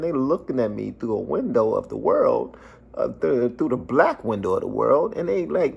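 A man's voice: mid-range voice, very animated, normal speed, vocal fry, darkish tone, slightly rough, lo-fi sound. A man hosting a reaction video, talking loosely and animatedly with slang, often holding back laughs. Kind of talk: casual reaction commentary.

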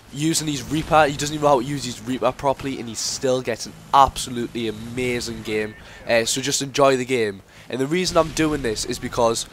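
A man's voice: medium pitch, a little hiss or hum. A teenage boy, giving casual game commentary that rambles into sweary rants. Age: teens. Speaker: gameplay commentator.

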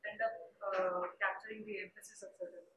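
A woman's voice: mid-range voice, little pitch movement, a little fast, a bit bright, highs cut off. A woman student hesitantly asking a question during a lecture. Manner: hesitant, with fillers. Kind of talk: classroom question. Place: lecture hall. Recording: roomy, distant from the mic, faint noise.

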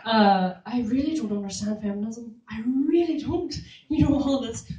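A young woman doing stand-up in a small club, animated, laughing at her own jokes and whooping. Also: on the high side, normal speed, few pauses, highs cut off. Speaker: stand-up comedian. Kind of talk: stand-up comedy set. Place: small comedy club room. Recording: echoey room, mic from far off.

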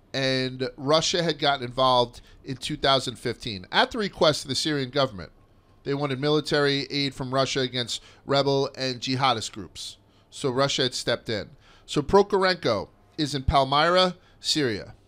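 A man's voice: mid-range voice, pushed and bright. A man in his thirties hosting a podcast in a casual, rambling way, swearing freely and using plenty of fillers. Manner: rambling, profane, with lots of fillers. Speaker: podcast host.

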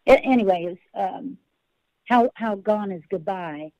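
A woman's voice: mid-range voice, measured pace, no room sound, highs cut off. A woman country singer-songwriter, a podcast guest, telling rambling, self-interrupting stories and laughing at her own tales.

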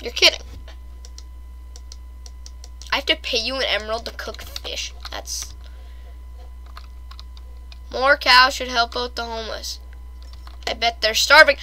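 A young woman chatting casually over her own gameplay, excitable and quick to gasp and squeal at her failures. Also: fairly high pitch, a little hiss or hum. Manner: excitable, shrieks and gasps at fails. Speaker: gamer.

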